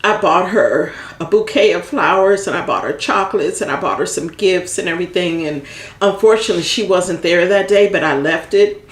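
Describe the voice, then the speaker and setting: A woman vlogger giving casual, heartfelt planning advice, rambling and repeating herself as she talks. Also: fairly low pitch. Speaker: vlogger giving end-of-life planning tips. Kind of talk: casual advice talk to camera. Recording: echoey room.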